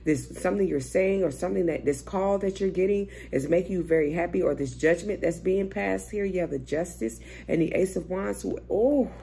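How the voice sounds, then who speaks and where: A young woman with a low, gravelly voice talks through a tarot spread in loose, profane, thinking-aloud chat. A faint noise sits under the recording. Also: moderate pace, few pauses, warm tone. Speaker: tarot reader. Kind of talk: casual tarot reading.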